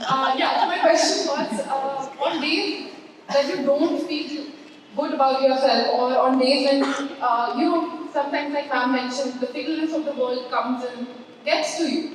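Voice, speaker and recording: A woman's voice: high voice, normal speed, slight background noise. A woman from the audience asking a question, giggly and nervous with many hesitant fillers. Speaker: audience member. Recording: distant mic, echoey hall, faint ambience.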